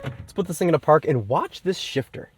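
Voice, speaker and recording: A man who sounds sick gives a casual, enthusiastic point-of-view car review from in and around the car. His voice is a little high, animated, and brisk, with faint music behind, and he chats along with frequent "like" fillers.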